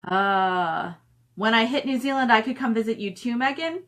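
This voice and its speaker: A woman's voice: on the high side, moderate pace, a bit bright. A middle-aged woman chatting casually on a live stream from home, reading viewer comments aloud and cooing at her dog. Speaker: author hosting a live stream.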